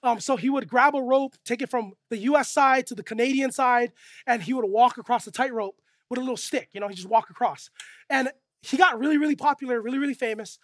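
A preacher giving a lively, conversational sermon to a young crowd. The preacher often checks in with the listeners and drops soft and low to stress the key points. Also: fast talker, no echo.

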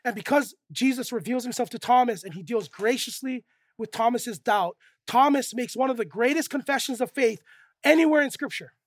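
A preacher giving a lively, conversational sermon to a young crowd. The preacher often checks in with the listeners and drops soft and low to stress the key points. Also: moderate pace, dry recording.

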